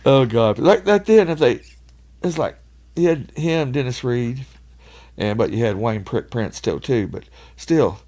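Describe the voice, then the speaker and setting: A man's voice: mid-range voice, expressive, measured pace, mellow. A middle-aged man, telling stories as a podcast guest, swearing freely and laughing often. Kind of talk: casual storytelling.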